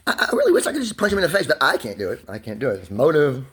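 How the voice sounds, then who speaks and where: A man in his twenties talking in a rambling, pressured rush, swerving between laughter, near tears and shouting, loud and swearing often. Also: a little high, racing, few pauses. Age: 20s. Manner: loud and expressive, heavy swearing. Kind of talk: emotional monologue to camera.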